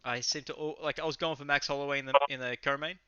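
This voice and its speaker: A man's voice: fairly high pitch, steady tone, fast, very noisy. A young Australian man co-hosting a casual fight recap, talking loosely and enthusiastically, with some swearing and rambling. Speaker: podcast co-host. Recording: slightly muffled lo-fi audio.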